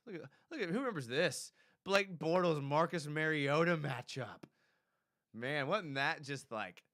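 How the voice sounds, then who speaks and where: A man hosting a fan live stream, casually reading viewer comments aloud and reacting with laughs. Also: medium pitch. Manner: animated, laughing, reads chat aloud.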